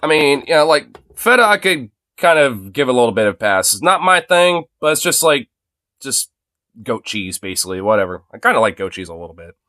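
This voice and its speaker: A man's voice: medium pitch, big pitch swings, brisk, sharp tone, no echo, studio quality. A young man streaming from his phone, rambling in casual chat full of filler words and swearing. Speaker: livestreamer.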